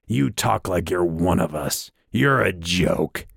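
A man voicing a grinning, inhuman winged creature with claws, speaking in a slow, low, menacing murmur. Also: expressive, creaky, fairly bright tone, husky, dry recording, clean studio sound, full character voice. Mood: menacing calm.

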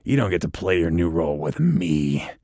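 A man voicing a grinning, inhuman winged creature with claws, speaking in a slow, low, menacing murmur. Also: sing-song, dark tone, dry recording, studio quality, full character voice. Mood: menacing calm.

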